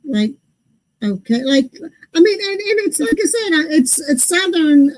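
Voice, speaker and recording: A woman's voice: sits high, big pitch swings, a little slow, rough recording. A woman co-hosting a podcast, chatting casually and puzzling over her pet peeves in a ranting way. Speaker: podcast co-host. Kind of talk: casual chat.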